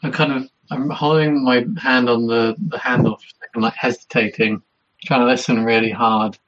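A man's voice: medium pitch, fairly even intonation, normal speed, fairly bright tone. A man playing a tabletop game, chatting through his character's actions step by step. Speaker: player. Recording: dull lo-fi mic.

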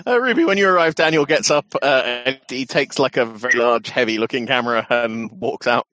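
A man runs a tabletop horror game over a call, chatty and quick to laugh, often restarting his sentences. His voice sits at an ordinary pitch, recorded close and dry. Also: sharp tone, no room sound. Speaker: game master.

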